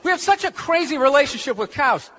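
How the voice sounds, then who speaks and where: Loud ranting male stand-up comic. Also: very high voice, lively intonation, quick pace, slight background noise. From United States. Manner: ranting, sarcastic, often shouting. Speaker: stand-up comedian. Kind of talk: stand-up comedy set. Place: comedy club stage before an audience. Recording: live club recording with crowd laughter.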